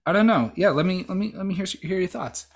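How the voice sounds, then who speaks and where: A man's voice: high-pitched, lively intonation, quick pace. A man in his thirties hosting a casual podcast, rambling with many fillers and restarts. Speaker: podcast host.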